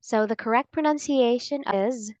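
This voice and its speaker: A woman giving a scripted English pronunciation lesson, saying model words slowly and clearly. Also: a little high, a little mellow, no room sound, lo-fi sound.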